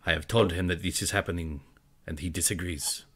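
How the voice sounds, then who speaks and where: A man's voice: low-pitched, steady tone, fairly quick, breathy edge. A man voicing a determined female warrior who speaks bluntly and defiantly. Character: angry, determined female warrior seeking vengeance.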